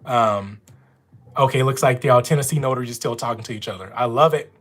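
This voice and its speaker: A man's voice: mid-range voice, fast talker, fairly bright tone. A man with a Louisiana accent, chatting casually with viewers on a live stream from home. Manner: chatty, talks straight to viewers. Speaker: notary running a live stream. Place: at home with dogs nearby.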